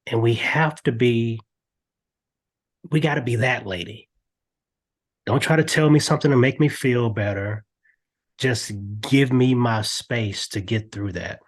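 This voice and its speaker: An older man, a podcast guest, talking earnestly in a lively storytelling way with frequent restarts. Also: mid-range voice, measured pace, pauses often. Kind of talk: candid podcast interview.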